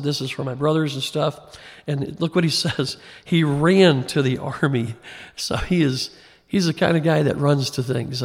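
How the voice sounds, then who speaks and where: A man's voice: a little high, gravelly. A man preaching a verse-by-verse sermon, conversational at first and growing emphatic, in a church sanctuary. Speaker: pastor. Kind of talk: expository sermon. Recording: long hall reverb.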